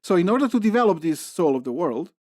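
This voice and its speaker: A podcast host walks co-hosts through a book, step by step, often checking in with "okay?". The pitch is mid-range and the recording is dry and close. It is relaxed explanatory talk. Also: fast talker, no echo. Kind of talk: casual explanatory chat.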